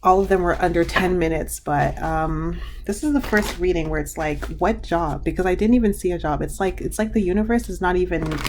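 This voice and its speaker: A woman's voice: lowish voice, brisk, hardly any pauses, darkish tone, slight background noise. A woman doing a casual tarot card reading to camera, chatty and giggly, talking straight to her viewers. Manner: giggly, often breaks into laughter.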